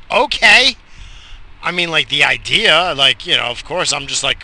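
A man's voice: a little high, big pitch swings, measured pace, sharp tone, a little hiss or hum. A tired man in his forties, hosting a podcast, rambling bluntly and profanely with a joking streak. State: exhausted. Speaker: podcast host. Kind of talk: crude rambling monologue.

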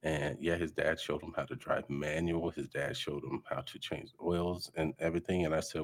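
Middle-aged man, very low husky voice, relaxed fatherly talker. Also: normal speed, few pauses. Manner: relaxed, fatherly, hesitant with fillers. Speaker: podcast guest. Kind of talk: casual chat.

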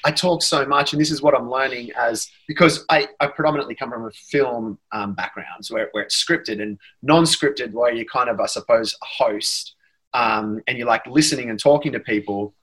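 A man's voice: medium pitch, moderate pace, a bit bright, husky, rough recording. A man with an Australian accent, a guest on a podcast, chatting casually in a rambling, self-deprecating way. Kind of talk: casual chat.

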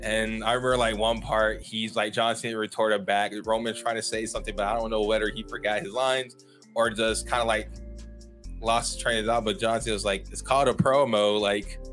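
A man hosting a solo podcast in casual chat, rambling with lots of fillers and quick apologies. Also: lowish voice, little pitch movement, fairly bright tone, faint music behind. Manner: rambling and self-interrupting, heavy on fillers and apologies. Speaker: podcast host.

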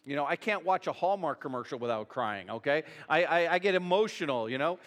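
A man's voice: fairly high pitch, lively intonation, a little fast, a bit bright. A middle-aged male pastor preaching a sermon in a conversational, emotional way, often adding "you know" and "okay".

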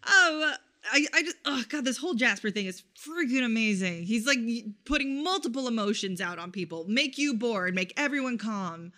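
Woman, podcast co-host, casual chat, enthusiastic, giggly, bright. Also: on the high side, expressive, moderate pace.

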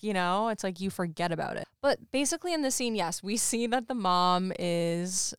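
A woman co-hosting a podcast in casual chat, talking fast and loose with plenty of "like" fillers. Her voice is low-ish and very smooth and clear. The sound is dry and close to the mic. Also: no room sound. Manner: chatty, lots of "like", laughs while talking. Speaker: podcast co-host. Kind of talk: casual chat recapping a show.

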